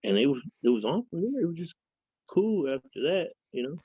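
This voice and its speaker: A man's voice: on the high side, sing-song, a little fast, dark tone, husky, no room sound. A man from Fresno, a guest in a casual interview, telling rambling profane stories and acting out other people's voices. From Fresno, California. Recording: dull lo-fi sound.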